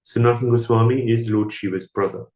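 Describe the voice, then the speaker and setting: A man telling a scripture story in a temple hall, voicing the characters as he goes. His voice sits in a middle register. The room gives it a clear echo. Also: steady tone, fast talker, a little mellow. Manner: storytelling, acting out dialogue with raised pitch. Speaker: speaker giving a scripture class. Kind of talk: sermon storytelling. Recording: echoey room.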